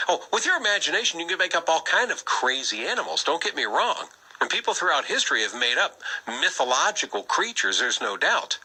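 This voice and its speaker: A man's voice: medium pitch, pushed and bright, low-quality recording. A man hosting a Christian apologetics talk show, speaking energetically and pressing the listener with rhetorical questions. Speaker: radio talk show host.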